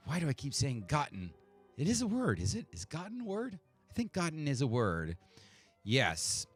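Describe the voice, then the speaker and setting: A man's voice: a little high, a bit bright. A man hosting a virtual pub quiz from home on a desk mic, chatting casually and joking with himself between answers. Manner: chatty, self-mocking, talks to himself. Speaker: quiz host. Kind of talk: casual live-stream chat. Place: home setup for an online stream. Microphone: desk mic with adjustable EQ.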